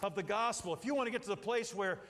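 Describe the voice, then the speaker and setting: A middle-aged man delivers a sermon in a fairly high voice. He rambles, breaks into jokey asides and acts out little quotes. A long hall reverb trails his words. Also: fast talker, a bit bright. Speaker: pastor.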